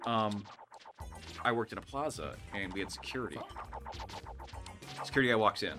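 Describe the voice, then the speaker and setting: A man's voice: lowish voice, normal speed, long pauses, faint music behind. A man casually telling a work story while playing a game, acting out the people in it. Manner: animated, acts out the people in his story. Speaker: co-host. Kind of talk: casual storytelling over gameplay.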